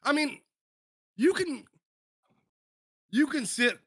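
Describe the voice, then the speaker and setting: A man's voice: sits high, expressive, measured pace, sharp tone, no room sound, clean studio sound. A man co-hosting a casual gaming podcast, mocking and slangy, tripping over restarts as he talks. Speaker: podcast co-host.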